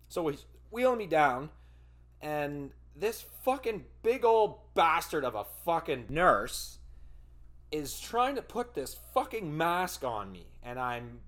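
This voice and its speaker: A man hosting a podcast, telling a personal story in casual, profane, rambling speech. He fumbles for words and breaks into loud, animated bursts. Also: mid-range voice. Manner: animated retelling with loud outbursts. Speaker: podcast host.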